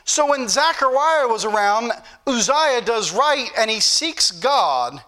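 High bright-voiced preacher man. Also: very animated, slow. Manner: preachy, repetitive emphasis. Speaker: pastor. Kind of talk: sermon.

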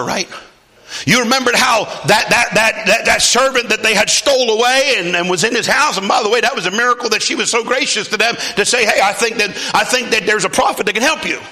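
A high-pitched male preacher delivers a lively sermon, calling out to the congregation for responses. His voice is bright and forceful as he acts out the people in his story and often climbs into a shout. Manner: animated, calls for response from congregation.

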